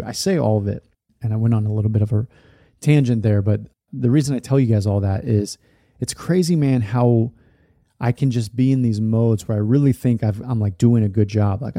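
A man's voice: fairly low pitch, mellow, no room sound, clean studio sound. A man in his thirties, a podcast host, candidly telling a personal story in a loose, rambling way full of fillers. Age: 30s.

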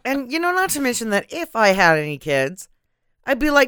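A woman's voice: fairly high pitch, sing-song, fairly quick, a bit bright, clear, resonant tone, no room sound, studio quality. A woman co-hosting a casual podcast, talking bluntly and swearing freely. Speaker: podcast co-host. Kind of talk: casual movie-recap chat.

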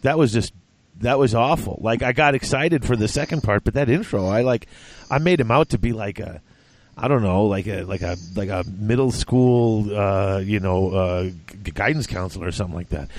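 A man's voice: fairly low pitch, moderate pace, no echo. A man hosting a hobby gaming podcast, joking and teasing his co-host in casual chat.

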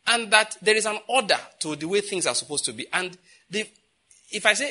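A man's voice: sits high, animated, fast talker, pushed and bright. A man preaching a sermon, asking the congregation questions and answering them himself, with emphatic repetition. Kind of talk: sermon teaching.

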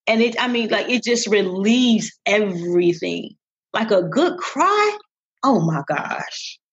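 On dull lo-fi audio, a woman co-hosts a podcast in a medium-pitched, animated voice with a breathy edge. She takes her time, speaking emphatically in casual conversation and repeating phrases for effect.

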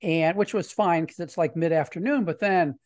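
Rambling male podcast host. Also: fairly high pitch. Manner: rambling, halting storytelling with many restarts. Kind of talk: casual podcast chat. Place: home studio.

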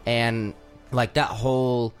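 Excitable, profane man chatting. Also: mid-range voice, slow pace, soft background music. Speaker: podcast co-host. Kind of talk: casual chat.

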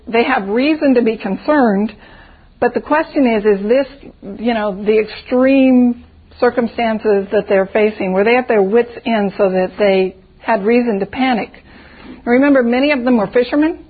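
A woman's voice: fairly high pitch, normal speed, slightly rough. A woman leading a conversational Bible study, reflective and full of rhetorical questions. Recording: tinny phone-like audio.

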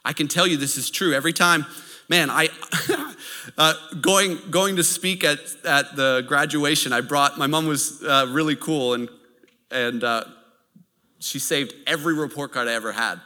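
Male pastor, animated storytelling sermon, bright tone, long hall reverb. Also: on the high side, moderate pace. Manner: animated, anecdotal preaching with laughs.

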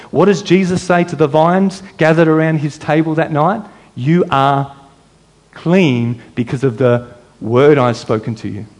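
Male preacher, high voice, teaching sermon that quotes verses. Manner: teaching from scripture, quoting verses, asking the congregation questions.

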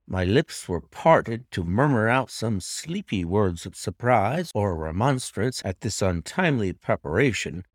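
A man with a low voice narrates a classic tale in the first person, his pitch rising and falling with each turn of the story. The recording is dry and close, with no room sound at all. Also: no echo. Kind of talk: dramatic audiobook narration.

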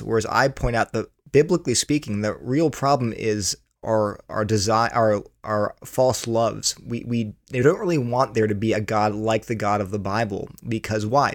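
A man's voice: lowish voice, no room sound. Earnest man explaining, dry sound. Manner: earnest, explains with stories, repeats words while thinking. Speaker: author and guest. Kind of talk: conversational interview answer.

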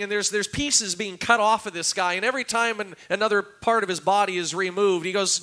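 A man's voice: sits high, brisk, hardly any pauses, pushed and bright. A man preaching a sermon as pastor, acting out quoted cries with a raised, dramatic voice. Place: church.

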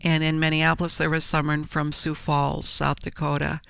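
An older woman telling her story as an interview guest, earnest and halting, with frequent restarts. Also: low voice, monotone, vocal fry, fairly bright tone, smooth, no echo. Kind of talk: interview conversation.

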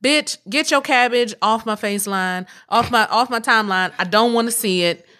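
Woman on a podcast mic, bright sharp voice, blunt and cussing, animated. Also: fairly high pitch, normal speed. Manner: blunt, profane, animated storytelling. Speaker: podcast co-host. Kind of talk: casual group chat. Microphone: studio mic.

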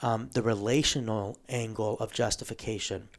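A man hosting a casual theological discussion, explaining a book at length with frequent ums and throat clearing. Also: fairly low pitch, fairly even intonation, moderate pace.

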